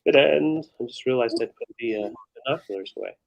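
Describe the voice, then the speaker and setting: A man's voice: mid-range voice, fast, vocal fry, dull audio. A man co-hosting a live vintage sale, easygoing as he counts down and tracks the bidders. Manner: easygoing, runs bids and counts down. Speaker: live sale co-host, auctioneer. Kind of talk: live-stream auction chat.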